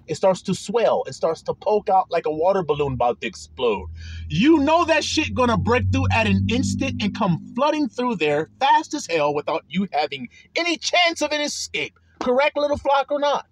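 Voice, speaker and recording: Emphatic, profane male preacher, high lively voice. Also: no echo. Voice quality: profane, emphatic preaching with drawn-out scripture reading. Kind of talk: sermon with scripture reading.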